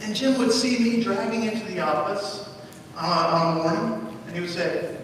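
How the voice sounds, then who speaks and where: A man's voice: high voice, steady tone, normal speed, fairly bright tone, a little hiss or hum. A male pastor preaching a sermon, telling stories with dry humor. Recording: echoey church hall from far off.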